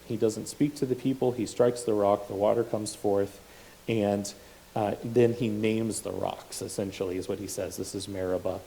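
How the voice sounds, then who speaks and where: Guy giving a sermon, warm mellow voice, talks it through off the cuff. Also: fairly low pitch, fairly even intonation, moderate pace, gravelly, a little hiss or hum, poor audio. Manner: unscripted asides and self-corrections while teaching from scripture. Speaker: preacher.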